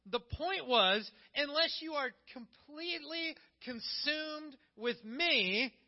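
A male pastor preaching a sermon in a conversational way, acting out the quotes he tells. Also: very high voice. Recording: dull, muffled recording.

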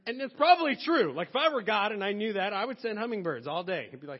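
A man preaches in a lively, conversational style, slipping into playful acted-out asides. His voice sits high for a man. The sound is muffled, with a long echo from a big hall. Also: fast, hardly any pauses, husky. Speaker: pastor. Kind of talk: sermon.

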